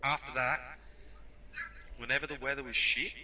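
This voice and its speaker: Brief: young Aussie man, bright edgy tone, spins a rough-mouthed yarn. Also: mid-range voice, normal speed, poor audio. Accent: Australian. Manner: swearing, animated yarn-spinning. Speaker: podcast guest. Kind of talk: casual storytelling.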